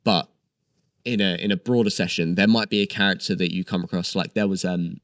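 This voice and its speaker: A man's voice: deep voice, fairly even intonation, brisk, a bit bright, dry recording, clean studio sound. A man, chatting eagerly as an actor guest in an interview. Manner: chatty and enthusiastic, with many fillers. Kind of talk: casual interview chat.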